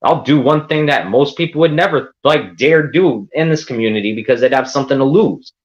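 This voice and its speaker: A man's voice: medium pitch, brisk, lo-fi sound, slight background noise. A man ranting defiantly on a livestream, profane and rambling. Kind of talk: livestream rant.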